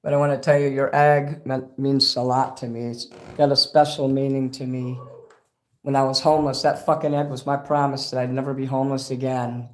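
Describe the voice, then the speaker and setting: A man hosts a casual livestream, talking at an ordinary middle pitch. He rambles from one thing to the next and swears freely. He gets excitable as he goes. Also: brisk. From Chicago. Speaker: livestream host.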